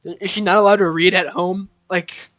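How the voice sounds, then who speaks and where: A streamer playing a visual novel live, breaking off for goofy jokes and teasing remarks. Soft game music plays faintly underneath. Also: mid-range voice, steady tone, normal speed, no room sound. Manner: goofy, joking asides.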